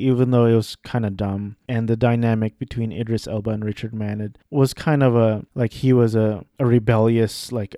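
A man's voice: fairly low pitch, mellow, no room sound, studio quality. A young man in casual chat about films he has watched, rambling and correcting himself as he goes. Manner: rambling, self-correcting, offhand. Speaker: vlogger.

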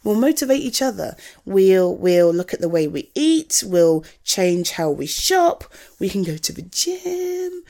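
A woman's voice: mid-range voice, big pitch swings, unhurried, vocal fry, hardly any pauses, mellow. A woman playing a young woman's blunt best friend in a one-sided audio role-play, swearing freely and giving frank tough love. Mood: blunt caring. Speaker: friend talking to the listener.

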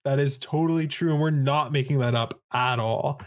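A woman's voice: very deep voice, moderate pace. A young woman co-hosting a comedy podcast, making sarcastic, teasing remarks. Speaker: podcast co-host. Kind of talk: comedic commentary.

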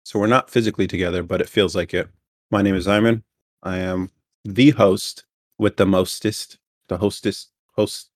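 A man's voice: low voice, fairly even intonation, moderate pace. A man hosting a casual sibling podcast recorded over voice chat, joking and teasing as he talks. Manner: joking, teasing, laughs often. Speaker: podcast host. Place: home, separate rooms.

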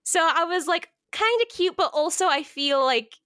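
A woman's voice: extremely high pitch, lively intonation, normal speed, sharp tone, no echo, studio quality. A young woman co-hosting a casual book review chat, informal and swearing freely, laughing often. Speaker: podcast co-host, book critic.

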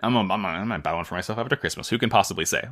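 Speaking rapid-fire in a low voice, a man co-hosts a podcast, trading laughs and playful, animated fan talk in a casual chat.

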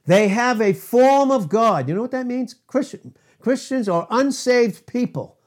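A man preaching a sermon, emphatic and repetitive, quoting scripture with drawn-out stress and laughing between points. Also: high voice.

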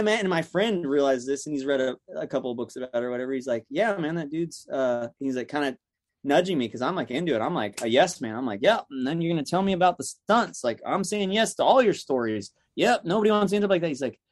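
A young man telling stories in a casual chat, animated, acting out the people he quotes. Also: medium pitch, a little fast, no room sound, studio quality. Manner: animated, acts out quotes in other voices.

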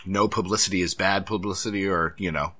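Tired guy on a podcast, low voice, pretty bright forceful tone, talks slow and thinks out loud. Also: fairly even intonation. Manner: measured, musing, restarts often. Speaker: podcast co-host. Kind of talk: casual chat.

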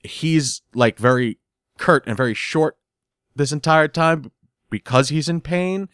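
A man casually recapping a sitcom episode in an animated way. He laughs as he goes and often repeats words while he hunts for the next one. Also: fairly high pitch, a little slow, smooth, no room sound, studio quality.

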